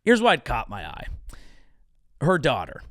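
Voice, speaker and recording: A man's voice: mid-range voice, wildly swooping pitch, a little slow, a bit bright, no room sound, studio quality. A young man from the Bay Area who hosts a comedy show, riffing on the news with wry, self-mocking asides. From San Francisco Bay Area, USA. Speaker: comedian host.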